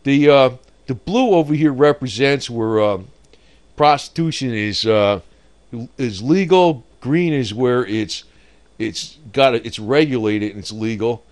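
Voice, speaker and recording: A man's voice: mid-range voice, a little slow. Rambling man chuckling through market talk. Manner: rambling, laughs at his own jokes. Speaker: market commentator. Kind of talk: off-the-cuff market commentary.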